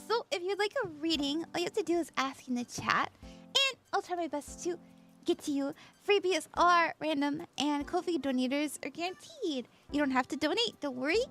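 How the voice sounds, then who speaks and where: Bubbly high-voiced woman streamer, just woke up. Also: fairly bright tone. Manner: bubbly, giggly, greets chat by name. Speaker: tarot reader and livestreamer. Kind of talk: casual livestream chat.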